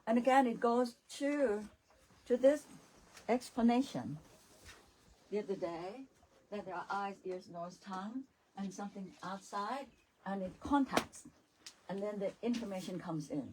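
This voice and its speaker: A woman's voice: mid-range voice, unhurried, a little mellow, slight background noise, rough recording. A woman, a Buddhist nun, giving a dharma talk at a retreat, laughing often and repeating phrases, with slightly non-native English grammar. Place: retreat center teaching hall.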